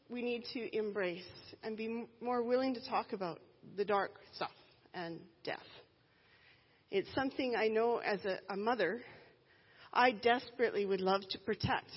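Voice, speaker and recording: A woman in her thirties, a pastor, preaching a sermon in an earnest, emphatic way with deliberate pauses. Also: a little high, husky. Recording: dull sound with long hall reverb.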